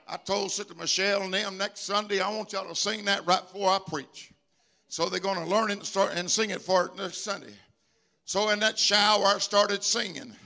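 A man preaching in a church with a high, gravelly voice. His tone is bright and cutting, and he hammers phrases again and again. He climbs from low, intimate talk to emphatic shouts. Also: steady tone, moderate pace. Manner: emphatic and repetitive, swelling into shouts. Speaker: bishop and pastor. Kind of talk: live church sermon. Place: church sanctuary with congregation.

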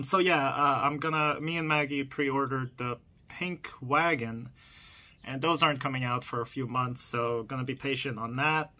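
A young man in an excited, stammering toy unboxing vlog, laughing often and catching his breath. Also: mid-range voice. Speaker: toy collector vlogger. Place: room in a house.

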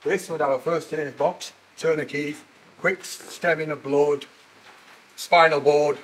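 Animated older tour guide man. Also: fairly high pitch, a little slow, rough recording. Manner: animated storyteller, laughs at himself. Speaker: museum guide and former miner. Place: indoor mining museum.

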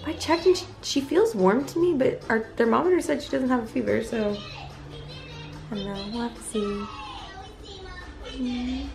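A young woman chats casually to the camera from her couch at home. She rambles through the story with plenty of fillers, her voice settling into a gravelly fry at the ends of phrases. Music plays clearly underneath her. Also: a little high, fairly quick. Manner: chatty, rambling, many "like" fillers. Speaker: family vlogger, mother. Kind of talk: casual vlog chat.

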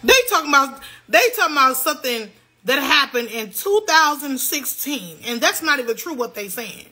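A young woman ranting heatedly to her livestream viewers, loud, profane and repeating herself. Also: high voice, lively intonation, normal speed.

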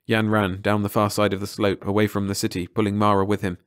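A man narrating an audiobook in calm, measured scripted narration. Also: lowish voice, clear, resonant tone, no echo, studio quality.

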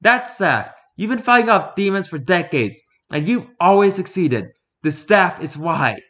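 A man's voice: high voice, big pitch swings, measured pace, fairly bright tone, pitched above the performer's own voice, exaggerated voice. A man voicing a tough female agent who speaks with urgent, pleading insistence. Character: fierce female agent, woman in middle age.

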